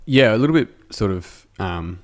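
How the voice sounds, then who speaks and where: A man from Australia hosts a podcast interview, his voice sitting very low. He talks in a loose, rambling way, poking fun at himself as he goes. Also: animated, normal speed. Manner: rambling, self-deprecating, jokey. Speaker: podcast host. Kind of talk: casual interview chat. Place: indoor room, in person.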